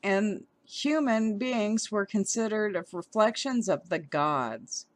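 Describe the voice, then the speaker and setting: A woman's voice: mid-range voice, animated, takes it slowly, no room sound. A woman vlogger giving heated commentary as she reads an article aloud, often stumbling over her words.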